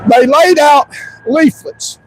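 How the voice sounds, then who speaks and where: Male livestream commentator, very high voice, emphatic and repetitive delivery with occasional shouts. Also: takes it slowly, slight background noise, rough recording. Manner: insistent and repetitive, stretching key words, at times shouting.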